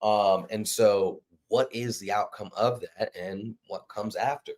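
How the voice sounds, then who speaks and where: Casting: lower-voiced man, loose and rambling host energy. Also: steady tone, a little slow, a little mellow. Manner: rambling, self-correcting, laughs often. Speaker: comic publisher host. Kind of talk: casual livestream chat.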